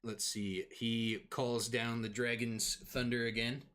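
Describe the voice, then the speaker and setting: A man's voice: mid-range voice, level tone, slow, fairly bright tone. A man acting as dungeon master in a tabletop game. He laughs often and explains the rules patiently.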